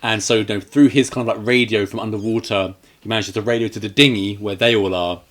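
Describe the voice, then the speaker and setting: A man's voice: fairly low pitch, steady tone, fast talker, fairly bright tone. A man co-hosting a casual film review podcast, joking and retelling scenes. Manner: jokey, retells scenes in mock quoted voices. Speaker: podcast co-host.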